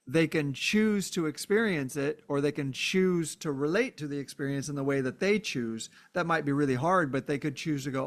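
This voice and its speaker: A man with a somewhat high voice talks through a philosophical idea in a reflective solo podcast. He thinks aloud, with fillers and many "right?" checks. Now and then he acts out short exclamations. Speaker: podcast host.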